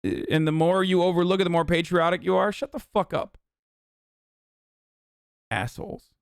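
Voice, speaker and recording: On his stream, a man rants angrily about a topic, his commentary heated and full of profanity. His voice sits fairly high for a man and is creaky, moving at a moderate pace, with close, dry sound and no room echo.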